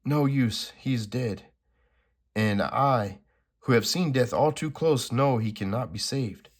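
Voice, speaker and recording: A man's voice: mid-range voice, takes it slowly, slightly rough, voice pushed up. A man reading a comic aloud, voicing a grieving, desperate male survivor in a slightly raised, urgent voice. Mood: despairing. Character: anguished male survivor, grief-stricken and desperate.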